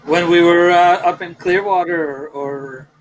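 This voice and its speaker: A man's voice: sits high, steady tone, a little slow, low-quality recording. A man on a casual livestream chat, telling a story and cutting in to defend himself. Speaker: livestream co-host.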